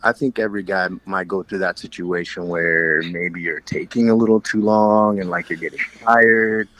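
Frank low-voiced man in casual chat. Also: steady tone, normal speed, fairly bright tone. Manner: frank, rambling, laughs often. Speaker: podcast co-host.

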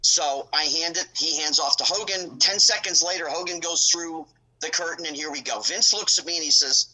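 A middle-aged man telling stories as a podcast guest, animated and acting out other people's lines in his own telling. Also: fairly high pitch, normal speed, slightly rough, rough recording. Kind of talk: casual storytelling.

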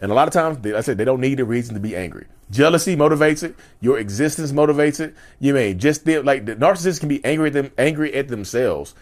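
A man's voice: mid-range voice, lively intonation, fast, few pauses, darkish tone. A man talking to camera in a casual monologue, repeating his points emphatically and laughing often. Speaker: vlogger.

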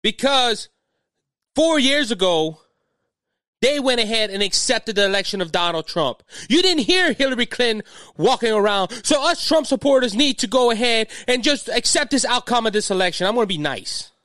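A middle-aged man from Louisiana with a Cajun accent hosts his own podcast. His voice sits high for a man, and he rambles and stumbles over his words as he gets worked up. The sound is dry and close, with no room around it. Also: expressive, moderate pace, a bit bright, no room sound. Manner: agitated, rambling, repeats words. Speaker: podcast host. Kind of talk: political podcast commentary.

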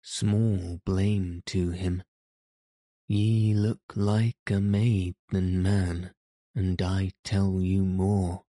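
A man's voice: low voice, flat delivery, very slow, dark tone, no echo, studio quality. A man voicing a bold, cheerful teenage outlaw boy who jests in old-fashioned speech. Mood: boastful. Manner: jesting, archaic speech. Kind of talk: audiobook character reading.

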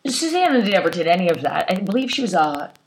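A middle-aged woman in casual conversation, telling animated stories and acting out the people in them. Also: lowish voice, fast talker, slight background noise, low-quality recording. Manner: animated, laughing storyteller with quoted voices. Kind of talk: casual chat, storytelling.

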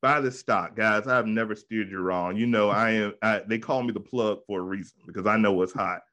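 Hyped-up low-voiced man hosting. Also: fairly quick, sharp tone. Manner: hyped, slangy hype-man delivery. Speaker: podcast host. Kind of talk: casual chat.

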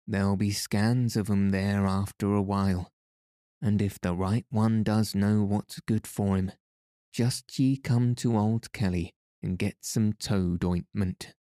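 A man's voice: on the low side, steady tone, slow pace, dark tone, no echo, clean studio sound. A man doing a teasing old Irish peddler. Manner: folksy brogue, teasing and sly. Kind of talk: storybook reading.

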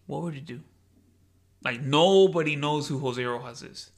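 A man rambling on a casual podcast, spinning wild hypotheticals and saying "dude" at every turn. His voice is gravelly and husky, sitting slightly high for a man. He often drops into hushed, whispered asides when acting out other people. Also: normal speed. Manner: rambling, says "dude" constantly, acts out scenarios in hushed voices. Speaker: podcast co-host. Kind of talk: casual chat.

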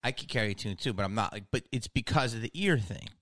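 A man hosting a casual chat, telling stories in an animated way and swearing freely. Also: fairly low pitch, fast talker, dry recording, studio quality.

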